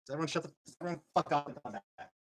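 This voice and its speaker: A man's voice: on the high side, racing, a bit bright. Irritated man swearing at his stream chat. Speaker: livestreamer. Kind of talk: livestream rant.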